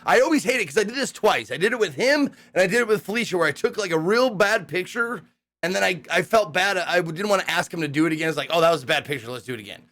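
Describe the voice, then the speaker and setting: A young male streamer recaps a recent hosting gig at a quick pace, rambling loosely, cursing freely, and breaking into excited voices when quoting people. His slightly high pitch swings widely in this casual storytelling.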